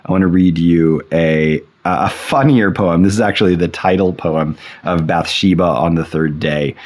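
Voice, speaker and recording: A man giving a thoughtful talk on poetry, reading poems slowly aloud and pausing with fillers and restarts. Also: low voice, darkish tone. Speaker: poetry lecturer.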